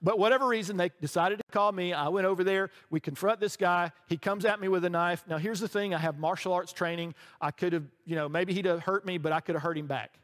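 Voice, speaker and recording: A middle-aged male pastor preaching in a church sanctuary, his fairly high voice ringing with a long hall reverb. He tells stories in a loose, conversational way and keeps checking in with his listeners. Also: fairly even intonation, fast, few pauses, a bit bright. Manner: conversational storytelling, often checks in with "right?". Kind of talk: sermon.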